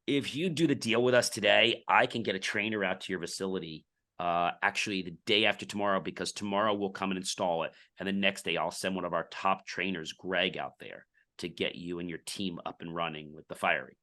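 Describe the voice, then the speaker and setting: A man's voice: low voice, fairly even intonation, brisk, sharp tone. A middle-aged man, a podcast guest, telling a business story in casual interview talk and acting out the dialogue.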